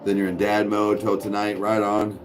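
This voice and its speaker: Man, low voice, relaxed casual chat, soft cooing to his dog, faint music. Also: normal speed. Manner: coos softly at his dog. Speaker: streamer host.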